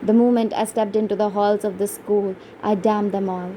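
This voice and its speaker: A woman narrating an audiobook in a measured, somber first-person reading. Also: mid-range voice, steady tone, mellow, a little hiss or hum, rough recording.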